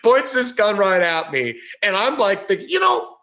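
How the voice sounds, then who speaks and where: A middle-aged man telling a story at a workshop, animated, with many fillers and frequent laughs. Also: high voice, measured pace, dull audio. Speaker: workshop speaker. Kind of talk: storytelling talk. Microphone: video call.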